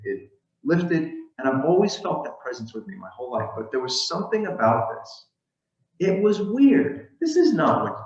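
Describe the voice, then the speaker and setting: A male minister giving a conversational sermon with storytelling and frequent restarts. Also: medium pitch. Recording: echoey, dull room sound.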